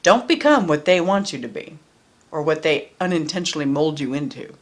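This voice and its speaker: A woman's voice: low-pitched, lively intonation, brisk. A woman doing a casual tarot card reading, chatty and blunt, who often repeats her phrases and swears freely. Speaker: tarot reader.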